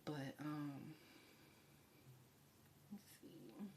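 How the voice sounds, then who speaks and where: A woman doing a live tarot reading, talking in a chatty, effusive way and sometimes dropping to a soft whisper. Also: sits low, extremely slow, a little hiss or hum. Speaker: tarot reader.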